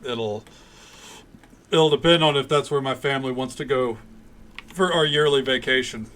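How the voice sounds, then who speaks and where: A man's voice: medium pitch, normal speed, fairly bright tone. A man streaming a game, chatting casually and ranting bluntly with frequent swearing. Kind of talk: casual gameplay stream chat.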